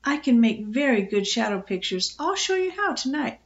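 A woman's voice: on the high side, very animated, moderate pace, highs cut off. An older woman voicing a kindly, motherly old countrywoman who speaks sweetly and reassuringly in a storybook reading. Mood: cheerful.

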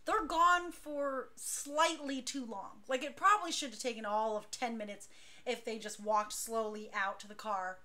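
A woman leading a dance crew, telling stories casually on a talk show, chatty and animated, laughing now and then. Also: on the high side.

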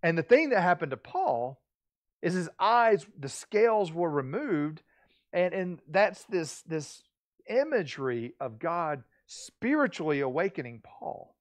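Man, middle-aged, pastor, sermon, slightly high voice, earnest, emphatic, frequent restarts. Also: sing-song, normal speed, no echo.

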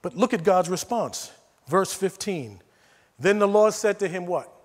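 High-voiced American pastor preaching in a reverberant church. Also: male voice, expressive, unhurried. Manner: swings from near-whispers to emphatic preaching. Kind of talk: sermon. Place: church sanctuary. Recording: long church hall reverb.

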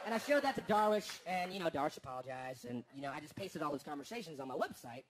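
A man doing stand-up comedy, animated and acting out the voices of his friends. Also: a little high, fast talker. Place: large theater with a live audience. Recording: live stage recording with a crowd. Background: audience laughter.

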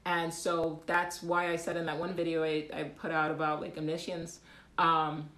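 Woman, livestream host, low pitch, casual and animated, echoey room. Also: moderate pace. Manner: animated, laughing, many fillers and restarts.

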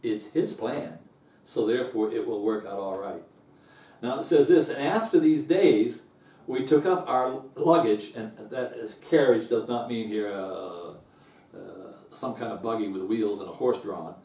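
A man's voice: unhurried, echoey room, recorded from a distance. A man teaching a Bible lesson in an earnest way, restarting and repeating words, his voice rising when he stresses a point. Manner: rises in pitch and loudness when stressing a point.

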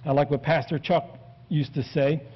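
Man, pastor, earnest sermon, slightly high voice, dull lo-fi sound. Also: normal speed. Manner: earnest, steady preaching with scripture quotes. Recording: dull lo-fi recording.

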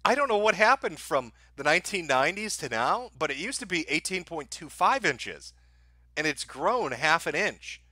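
A man's voice: on the high side, sing-song, normal speed, pushed and bright, no echo. A man hosting a live stream, reacting with profane, laughing, mocking commentary. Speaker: stream host.

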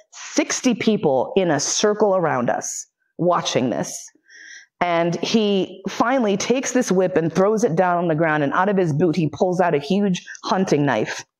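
A woman's voice: lowish voice, a little mellow. A woman lecturer telling a personal story frankly and with plenty of swearing, acting out the voices she quotes.

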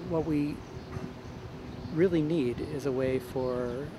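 A man's voice: mid-range voice, slow, noisy background. A man earnestly explaining his economic reform project in an interview.

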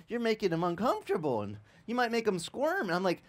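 A man preaching a sermon as pastor, telling lively stories with acted-out quotes and frequent stammered restarts. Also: high voice, a little fast, few pauses. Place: church.

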